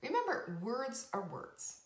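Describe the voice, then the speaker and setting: A woman's voice: sits high, wildly swooping pitch, measured pace, echoey room, a little hiss or hum. A woman hosting a motivational talk as a coach, speaking emphatically and earnestly with lots of repetition. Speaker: podcast host and coach.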